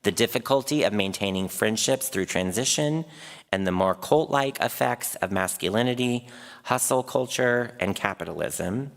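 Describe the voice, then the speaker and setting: Low, gravelly man in a big hall. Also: a bit bright. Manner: reads from a script, corrects a slip with a laugh. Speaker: event host introducing speakers. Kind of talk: scripted introduction. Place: large event room. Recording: long reverb of a large hall.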